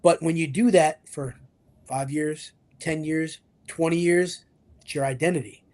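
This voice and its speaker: Man, fitness coach, motivational interview talk, high voice, acts out quoted voices. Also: unhurried. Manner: animated storyteller acting out quoted voices. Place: video call interview.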